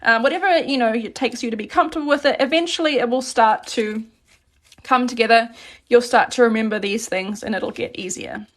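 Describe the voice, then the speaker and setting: A woman's voice: fairly high pitch, fairly quick. Chatty woman teaching Korean grammar. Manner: relaxed, chatty, reads chat questions aloud. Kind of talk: live-streamed grammar lesson. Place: desk with paper and pen.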